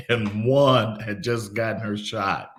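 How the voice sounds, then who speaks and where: A middle-aged man, a pastor, telling a personal story in an unhurried devotional way, often repeating his words. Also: lowish voice, fairly even intonation.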